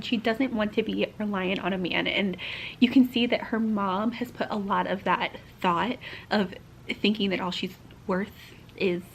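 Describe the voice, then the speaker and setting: A woman's voice: medium pitch, vocal fry, a little hiss or hum, poor audio. A young woman vlogger chatting casually and gushingly about a book she is reading, sometimes dropping into half-whispered asides. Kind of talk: casual reading-vlog chat.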